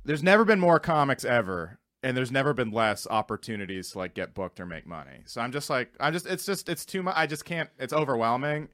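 A man's voice: mid-range voice, fairly quick, few pauses, dry recording, clean studio sound. A man co-hosting a comedy podcast, venting in casual chat. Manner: frustrated, venting, animated.

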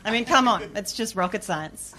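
A woman playing a deadpan North Korean government spokeswoman in a live comedy sketch, with a put-on accent, making absurd boasts. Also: medium pitch, moderate pace, slight background noise. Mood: deadpan boastful. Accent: mock Korean accent. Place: live stage before an audience. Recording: audience laughter in the room.

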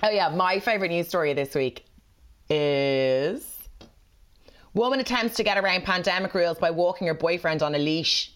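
A woman co-hosting a podcast in casual chat, sarcastic and swearing, with deadpan jokes, recording remotely from home. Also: lowish voice, normal speed. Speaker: podcast co-host.

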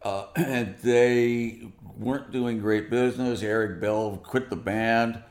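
A man being interviewed, telling a long anecdote in an animated way and acting out the dialogue. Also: medium pitch, takes it slowly, reverberant. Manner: animated, acts out quoted dialogue. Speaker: guest musician. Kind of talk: storytelling interview.

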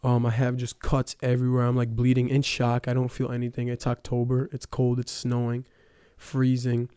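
A young man recounts his personal testimony in a relaxed, rambling way, leaning on fillers. His voice is mellow and smooth, with a fairly flat melody. The sound is close and dry, with no room echo. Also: medium pitch, normal speed. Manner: casual storytelling with many fillers. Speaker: testimony speaker.

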